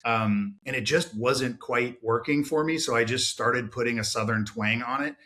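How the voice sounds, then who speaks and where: Bright-voiced man hosting a chat. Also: mid-range voice, normal speed. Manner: chatty, friendly, many fillers like "right?" and "like". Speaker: podcast host. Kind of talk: casual interview conversation.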